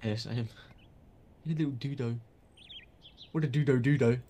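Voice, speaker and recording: A man's voice: medium pitch, normal speed, dark tone. A man chatting casually with friends while playing a video game, playful and jokey. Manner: playful, jokey mock accents. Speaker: streamer. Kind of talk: casual gaming chat with friends.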